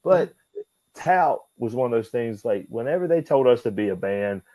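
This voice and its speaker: A man spins rambling backstage tales as an interview guest, casual and quick to curse. His voice has a mellow, darker tone and sits in a middle range. The sound is close and dry, with no room around it. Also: medium pitch, dry recording. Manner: loose, swearing, laughing, animated anecdotes. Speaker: guest, former pro wrestler.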